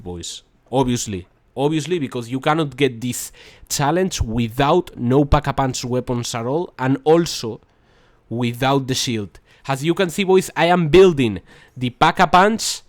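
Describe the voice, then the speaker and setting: A man's voice: a little high, no echo. Rambling young gamer man, dry close mic. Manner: rambling, repeats "boys" and "that's crazy", frustrated asides. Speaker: gaming video host. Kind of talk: casual gameplay commentary.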